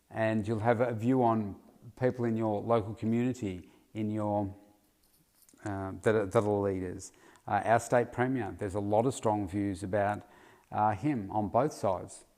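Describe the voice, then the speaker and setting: Man rambling casually, lowish voice. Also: fairly even intonation, normal speed, warm tone. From Australia. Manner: casual and rambling, with frequent fillers and restarts. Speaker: podcast host, health coach. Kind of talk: solo podcast monologue.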